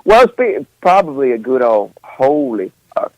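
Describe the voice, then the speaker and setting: A man's voice: medium pitch, very animated, normal speed, no echo, low-quality recording. A man whose first language is Swedish, a musician guest on an internet radio interview, talking playfully with fillers and frequent laughs.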